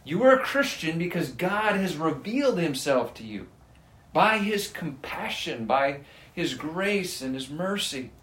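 Slow, emphatic male preacher in echoey room. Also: a little high, big pitch swings, a bit bright. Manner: earnest, slow and emphatic, reads scripture aloud. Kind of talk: sermon.

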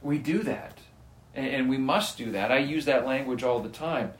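A man's voice: medium pitch, normal speed. A man preaching a sermon, earnest and emphatic, reading scripture aloud and pressing his points. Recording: echoey room.

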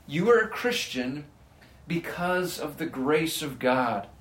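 A man preaching a sermon in a slow, deliberate cadence, his voice sitting a little high for a man. He is earnest and emphatic, leaning on key words. The sound carries a roomy echo. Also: lively intonation, a bit bright. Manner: earnest, slow and emphatic, reads scripture aloud. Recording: echoey room.

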